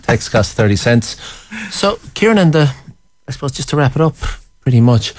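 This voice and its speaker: A man's voice: mid-range voice, sing-song, normal speed, darkish tone, no room sound, studio quality. A young man hosting a live radio interview show, teasing his guest with joking banter.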